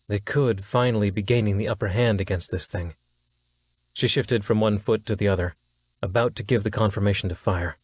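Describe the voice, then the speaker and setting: Man, audiobook narrator, steady scripted narration, low voice, dry close sound. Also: brisk, no echo.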